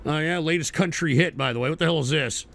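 A man's voice: fairly high pitch, fast, creaky, a bit bright, soft background music. A man hosting a livestream who reacts to viewer clips with crude, exasperated, profanity-heavy commentary. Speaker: livestream talk show host. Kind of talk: crude casual stream commentary.

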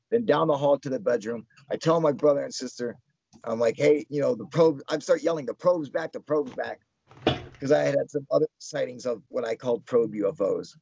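Gravelly, husky man telling a wild story. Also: medium pitch, no room sound. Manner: excited, swears a lot, heavy filler "like". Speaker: interview guest. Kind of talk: casual storytelling. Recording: dull lo-fi sound.

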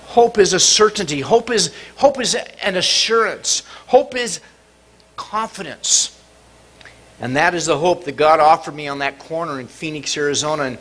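A middle-aged man preaching a sermon in church, dramatic and expressive, sometimes acting out cries and shouts. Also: high voice. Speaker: pastor. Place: church sanctuary.

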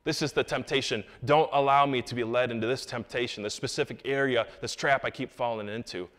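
A man's voice: mid-range voice, steady tone, fairly quick, a bit bright. A young adult man preaching a sermon in a church sanctuary, in a conversational way that breaks into emphatic rises. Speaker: pastor.

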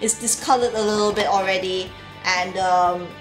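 A woman's voice: medium pitch, fairly even intonation, moderate pace. A young woman vlogger gushing and rambling about her art haul, full of fillers and restarts. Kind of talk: casual chat. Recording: echoey room with faint music.

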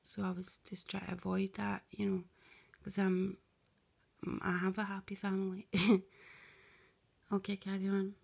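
A woman's voice: medium pitch, monotone, unhurried, vocal fry, breathy edge. A woman talking in a meandering, confiding monologue, often dropping to a whisper and voicing both sides of an imagined conversation. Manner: hushed, often drops to a whisper. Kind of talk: rambling spoken monologue to camera.

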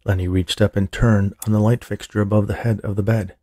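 A man reading a horror story aloud as narrator, steady and measured, with a husky, creaky voice. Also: fairly low pitch, dry recording, clean studio sound. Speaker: audiobook narrator.

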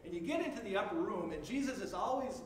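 A man's voice: high voice, lively intonation, quick pace, recorded from a distance. A male pastor delivering a sermon, telling the story in vivid second person in a conversational way. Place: church sanctuary. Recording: echoey church heard from afar, faint noise.

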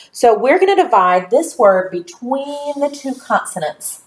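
A woman teaching a recorded phonics lesson to young children, speaking slowly and clearly and praising answers. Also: on the high side, reverberant.

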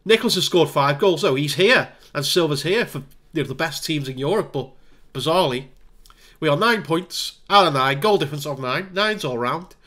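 A man giving casual let's-play commentary on a football management game, chatting through the match with wry asides and bursts of excitement. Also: on the high side, moderate pace. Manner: wry, self-deprecating asides. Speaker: gaming video creator.

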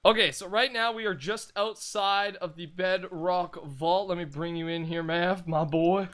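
A young man talks through a gameplay session in an excitable, rambling, jokey way. His voice sits high and sounds bright and edgy. Every word comes through smooth and clean. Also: measured pace. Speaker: gaming channel host. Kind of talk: casual gameplay commentary.

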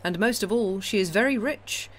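A woman voicing a calm, ironic older male count who speaks in a smooth, measured, commanding way. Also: mid-range voice, a little hiss or hum, pitched above the performer's own voice, close to an everyday voice.

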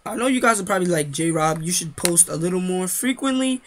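A man's voice: high-pitched, animated, brisk, a little hiss or hum. A teenage boy with a nasal, congested voice, chatting casually over his basketball game footage as a gaming YouTuber. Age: teens. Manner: chatty, rambling, talks straight to viewers. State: congested from sinus trouble.

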